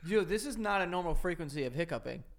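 A man's voice: high voice, expressive, quick pace. A man co-hosting a podcast in casual chat, teasing his friend and laughing often. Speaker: podcast co-host.

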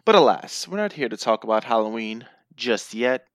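A man's voice: medium pitch, very animated, normal speed, fairly bright tone, dry recording, clean studio sound. A man co-hosting a casual wrestling recap podcast, playful and rambling, sounding tired and yawning. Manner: playful, jokey, rambling with fillers. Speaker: podcast co-host.

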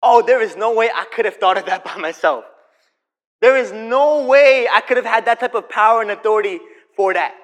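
A young male preacher with a high voice delivers a sermon in a church. He swings between fervent, punchy declarations and hushed, intimate storytelling. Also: brisk. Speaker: pastor.

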